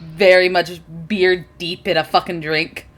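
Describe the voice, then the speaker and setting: Woman, game master, tabletop narration, slow pace, low voice, casual, swears. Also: little pitch movement. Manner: casual, laughing, swears freely.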